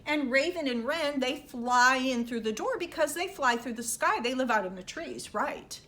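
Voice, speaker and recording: A woman librarian reading a picture book aloud to children, animated and stopping to ask them questions. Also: sits high, moderate pace. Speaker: children's librarian storytime host.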